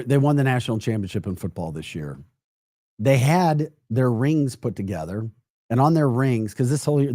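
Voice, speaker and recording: A man's voice: mid-range voice, dark tone, no echo, studio quality. A man hosting a live political podcast, emphatic and mocking, often breaking into laughter while reacting to chat comments. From United States. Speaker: podcast host.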